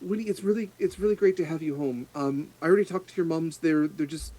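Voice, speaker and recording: A man's voice: fast, lightly acted, poor audio. A man voicing a bubbly, eager little sea elf girl, about four or five years old. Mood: chatty. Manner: eager, gushing, high and excited.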